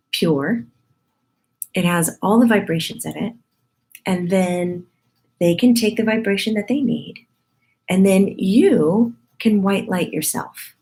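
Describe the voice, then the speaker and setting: Speaking a little mellow and fairly low in pitch, a woman medium leads an easygoing, talkative spiritual lesson for her group. There's a morning huskiness to her voice, and she keeps slipping in playful asides with laughter.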